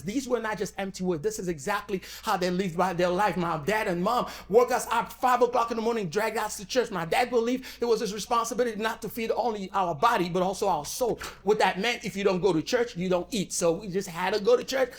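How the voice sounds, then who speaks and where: Middle-aged man with a high voice. Animated storyteller who acts out dialogue and swings from loud to hushed. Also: a little fast, few pauses. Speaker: speaker at a community event. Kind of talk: motivational storytelling speech.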